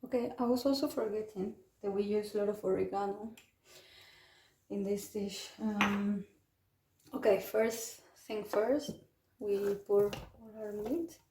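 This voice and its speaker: A woman's voice: mid-range voice, steady tone, measured pace, warm tone, reverberant, slight background noise. A woman, chatting her way through a home cooking tutorial with rambling asides and restarts. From Peru. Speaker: home cook vlogger. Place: home kitchen.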